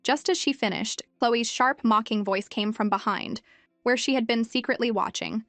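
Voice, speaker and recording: A woman narrates a story recap in an even, measured way. Her voice sits a little high and sounds dry and close, with soft music playing underneath. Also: vocal fry, dry recording.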